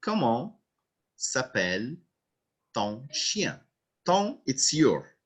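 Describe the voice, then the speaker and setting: A man teaching French over a video call, with a husky voice and a lively, rising and falling pitch. He speaks slowly and repeats each phrase with patience. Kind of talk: online language lesson.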